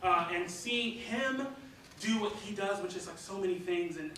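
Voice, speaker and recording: A man's voice: sits high, normal speed, sharp tone. A young man from Michigan, a composer, talking in a rambling, casual way full of fillers. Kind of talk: casual chat. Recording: echoey distant noisy room mic.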